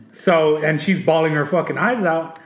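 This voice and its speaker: A man's voice: on the high side, reverberant. A man hosting a casual chat, telling a story with lots of swearing and laughter. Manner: profane, animated, laughing storyteller.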